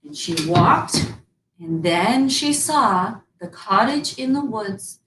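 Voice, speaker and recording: A woman in costume as a fairy-tale princess, telling a story to children in a sweet, animated way and coaxing them to join in. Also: on the high side, takes it slowly. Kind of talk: interactive storytelling in character for kids. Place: museum room. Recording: roomy, from far off, faint background noise.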